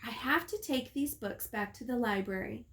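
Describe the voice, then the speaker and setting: A hurried young girl from a picture book, as a woman puts her on. She talks quickly and asks in a raised, lively voice. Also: fairly high pitch. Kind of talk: storybook read-aloud.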